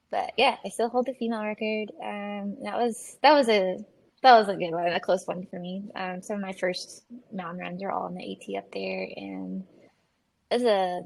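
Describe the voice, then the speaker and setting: A woman's voice: fairly low pitch, creaky. A young adult woman, a podcast guest who chats casually and laughs often while telling her stories.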